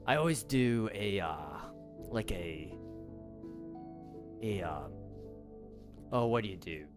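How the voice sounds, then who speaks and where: A man's voice: medium pitch, sing-song, normal speed, over music. A young man hosting a live gaming stream, chatting casually, laughing often and answering his chat aloud. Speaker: livestream host.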